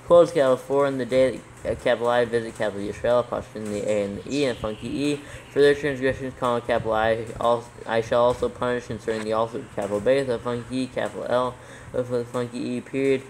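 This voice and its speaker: A man reading scripture aloud for proofreading, slowly calling out each capital letter and punctuation mark. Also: mid-range voice, steady tone, a little mellow, a little hiss or hum, low-quality recording. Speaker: proofreading reader. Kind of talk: dictating scripture text aloud.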